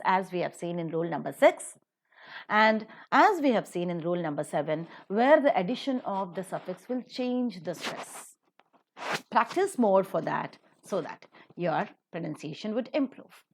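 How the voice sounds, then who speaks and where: A woman gives a recorded lesson on English word stress. Her voice rises and falls a great deal as she drills example words slowly and with care. She speaks like a teacher walking students through the rules. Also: mid-range voice. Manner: slow, deliberate modelling of example words.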